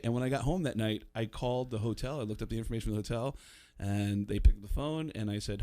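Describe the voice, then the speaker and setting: Male comic and voice actor from the Bronx; mid-range voice, animated storyteller. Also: medium pitch, fast talker, hardly any pauses. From the Bronx, New York. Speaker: guest comedian and voice actor. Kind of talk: casual radio interview storytelling.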